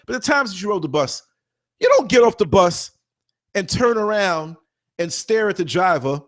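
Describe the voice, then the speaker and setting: A man tells a story in a loose, conversational style, with a fairly high voice for a man. He performs other people's lines and hammers his points home by repeating them. He comes across as a podcast host speaking freely. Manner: animated, acts out quotes, emphatic repeats. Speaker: podcast host and former bus driver. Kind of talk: casual storytelling.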